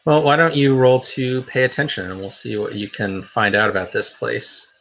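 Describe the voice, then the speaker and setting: A man's voice: medium pitch, little pitch movement, moderate pace, a bit bright. A man narrating a tabletop role-playing game as game master, in a hesitant way with many fillers and restarts.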